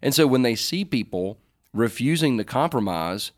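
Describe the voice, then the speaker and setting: A man's voice: medium pitch, lively intonation, moderate pace. A middle-aged man co-hosting a casual faith advice chat, joking and rambling as he answers listener questions. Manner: joking, rambling, self-correcting.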